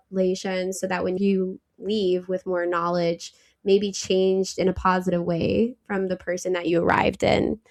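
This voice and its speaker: A woman being interviewed as a travel company founder, chatty and animated, laughing easily as she tells stories. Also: mid-range voice. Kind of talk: casual interview.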